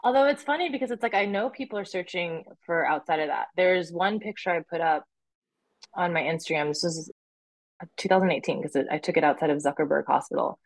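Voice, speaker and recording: A woman's voice: fairly low pitch, a little fast, no echo. A young woman telling stories in casual chat, who fills her talk with "like" and acts out quotes. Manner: chatty storyteller, says "like" a lot, acts out quotes.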